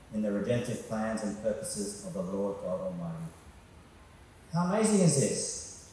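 A man's voice: mid-range voice, dark tone, slight background noise. A man preaching a sermon, talking in a conversational way and putting questions to the congregation. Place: church hall. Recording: echoey hall from far off.

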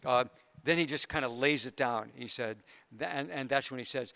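A man's voice: mid-range voice, fairly quick, fairly bright tone. A man preaching a sermon as a pastor, retelling a parable earnestly with conversational asides to his listeners.

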